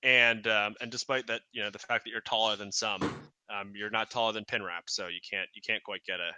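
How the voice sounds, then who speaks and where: A man's voice: fairly low pitch, brisk, background noise. A man narrating as game master, telling the action vividly with lots of fillers and restarts. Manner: animated, vivid storytelling with many fillers and restarts.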